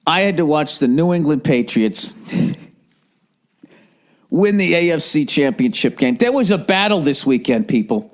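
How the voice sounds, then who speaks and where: A man in his forties hosting a podcast, ranting in a profane, sarcastic, animated comedic style. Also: fairly high pitch, measured pace, pauses often. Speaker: podcast host. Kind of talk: comedic rant.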